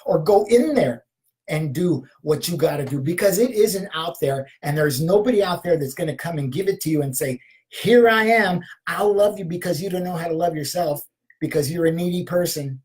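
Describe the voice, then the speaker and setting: Speaking fairly quickly in a fairly high pitch, this fifty-something shamanic healer delivers a spiritual pep talk over poor audio. Searching questions come again and again, each punctuated by a soft "aho", as he shifts from whispering to passionate, emphatic affirmation.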